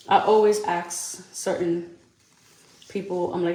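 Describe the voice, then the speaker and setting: A woman's voice: fairly low pitch, fairly even intonation, brisk, dark tone. A young woman with a New York accent hosts a podcast solo, chatting casually while doing her makeup, candid and profane. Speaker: podcast host. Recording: echoey room.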